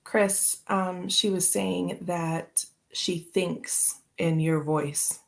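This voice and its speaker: A woman's voice: fairly low pitch, steady tone, very slow, vocal fry. A woman hosting a casual tarot live stream, chatting in a rambling way and laughing often. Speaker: tarot channel host.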